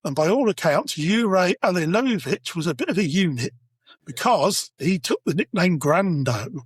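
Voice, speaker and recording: A fairly high, husky-voiced British man hosting a history podcast. He narrates with lively swings of pitch and teases the others dryly. The sound is close and dead, with no room around it. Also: normal speed, no room sound. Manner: teasing, storytelling narration. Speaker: podcast host. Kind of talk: casual comedic history podcast.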